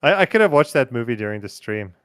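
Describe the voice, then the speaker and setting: A man's voice: mid-range voice, sing-song, quick pace, fairly bright tone, clean tone, no room sound, studio quality. A man hosting a livestream in a casual, hesitant way with frequent fillers. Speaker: host.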